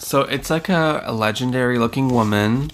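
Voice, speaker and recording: A woman's voice: a bass voice, normal speed. A woman guest on a podcast, chatting in a laid-back way with dry joking asides. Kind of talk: casual chat.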